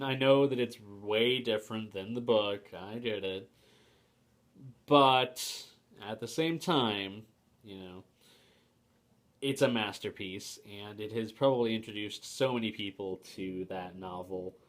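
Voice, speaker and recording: Hesitant young man reviewing a book. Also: fairly low pitch. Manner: hesitant, many fillers and restarts, opinionated. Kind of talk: casual spoken book review.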